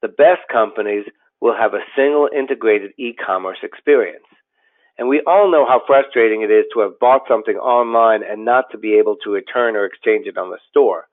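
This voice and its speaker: A man, a company president, giving a scripted business webinar in a steady, explanatory way with occasional fillers and restarts. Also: fairly low pitch, a little fast. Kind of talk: scripted webinar presentation over slides. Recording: tinny phone-like audio.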